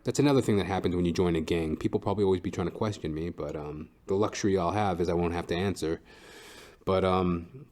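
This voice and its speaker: A man's voice: deep voice, quick pace, a little mellow. A man hosting a podcast, telling a comic story in a profane, ranting way with frequent "right?". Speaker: podcast host.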